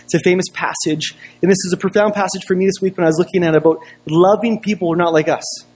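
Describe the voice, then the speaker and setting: A male pastor preaches in a relaxed, conversational way, leaning on stories and rhetorical questions. His voice sits a little high for a man and has a husky, slightly rough edge. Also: fast. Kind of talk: sermon.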